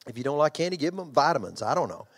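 A husky, high-leaning voice delivers a sermon rapid-fire and sing-song. The speaker is an older man, a pastor and children's ministry trainer, who preaches emphatically and conversationally, repeating phrases, restarting lines and asking the congregation questions.

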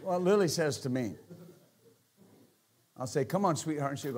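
Animated pastor preaching a sermon. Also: male voice, fairly high pitch, normal speed, pauses often. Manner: animated, joking, swings from quiet to shouting.

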